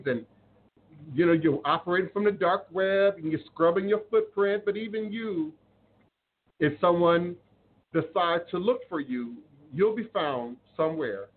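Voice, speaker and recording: A man talks earnestly to his live-stream viewers in a fairly high voice, preaching and repeating his points for weight. The sound is thin and phone-like, with a faint hiss beneath it. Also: normal speed. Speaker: spiritual live-stream host. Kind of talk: live-stream talk, reading viewer comments. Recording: phone-like audio with faint noise.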